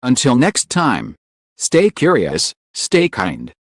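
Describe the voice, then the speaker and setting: Male narrator, dramatic script read with wide pitch swings, dry close sound. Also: wildly swooping pitch, takes it slowly, no room sound. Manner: solemn, lingering emotional phrasing. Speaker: channel narrator.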